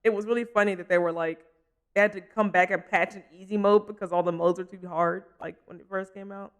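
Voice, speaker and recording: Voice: mid-range voice, steady tone, brisk, clear, resonant tone. A young adult streamer talking through a gameplay session in a loose, chatty way. They drift from topic to topic, laugh easily and stop to answer chat. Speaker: livestreamer. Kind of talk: casual gameplay commentary.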